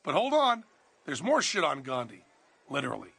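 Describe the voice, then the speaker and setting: Sarcastic, profane male host with a gravelly voice. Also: on the high side, wildly swooping pitch, moderate pace, a bit bright. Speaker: host and narrator. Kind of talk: comic documentary narration.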